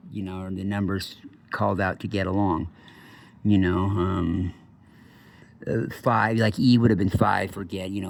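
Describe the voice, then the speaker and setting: A man's voice: fairly low pitch, gravelly. A man hosting his own channel, telling a long rambling story in a casual, profane, digressive way. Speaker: channel host.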